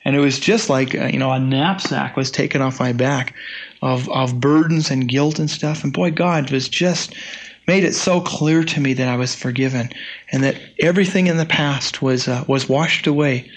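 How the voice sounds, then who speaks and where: A man's voice: medium pitch, steady tone, normal speed. A man in his sixties preaching a sermon in a conversational, folksy way, with frequent restarts and asides. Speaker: pastor.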